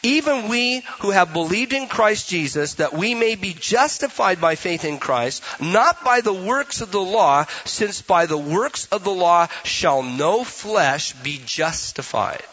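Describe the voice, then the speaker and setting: Pastor guy preaching, bright forceful voice, kinda dull lo-fi sound, lots of rhetorical questions. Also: high-pitched, expressive, a little slow, hardly any pauses, breathy edge. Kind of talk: sermon.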